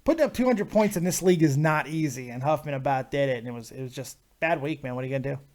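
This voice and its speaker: A man hosting a casual live talk show, talking excitably about fantasy hockey and fights and swearing freely. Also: medium pitch, fast. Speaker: host.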